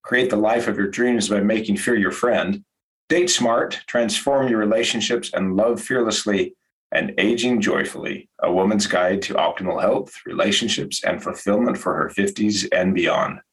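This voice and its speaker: Low-voiced man hosting a podcast. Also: normal speed, fairly bright tone, low-quality recording. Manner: reads a scripted intro, then asks prepared questions. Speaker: podcast host. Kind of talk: podcast interview.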